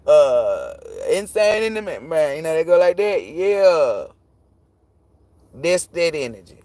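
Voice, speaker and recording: A man reading tarot on a live stream, ranting casually and profanely, rambling and cutting himself off, jumping between loud bursts and low muttering. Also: slow, dry recording. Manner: profane, rambling, self-interrupting; animated, jumps between shouting and muttering.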